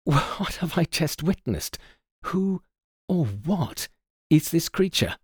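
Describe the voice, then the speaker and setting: A man's voice: medium pitch, big pitch swings, a little slow, darkish tone, breathy edge, no echo, clean studio sound, full character voice. A man voicing a young male assistant who asks wondering, stammering questions. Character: young male assistant, eager and easily startled.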